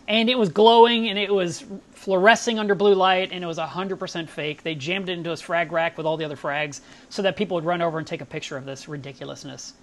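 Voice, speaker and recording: Woman on a live stream just chatting away, excited and talky, telling stories. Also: mid-range voice. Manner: enthusiastic, chatty storytelling. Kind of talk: casual live stream chat.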